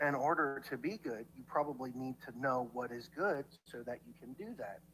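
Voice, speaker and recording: Talking a little fast in a mid-range, fairly bright voice, a livestreamer in played clips philosophizes at his audience through a heavily profane, rambling rant full of stammered restarts. The recording is rough, with a little hiss or hum.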